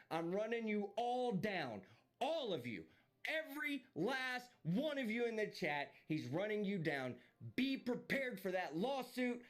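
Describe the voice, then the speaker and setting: A man streaming live, delivering a heated, profane and mocking rant. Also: high voice. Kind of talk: ranting live stream commentary.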